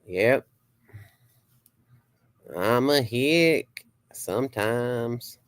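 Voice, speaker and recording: In a dry recording, a man with a lowish, animated, slightly slow voice hosts a casual livestream as a psychic. He rambles, swears freely, laughs a lot, and reads viewer comments out loud.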